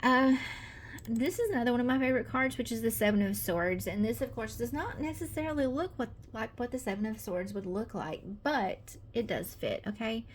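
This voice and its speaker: A woman's voice: on the high side, animated, a little fast, slight background noise. A woman with a Southern American accent, chatty and gushing, presenting her own tarot deck in a casual video with many fillers.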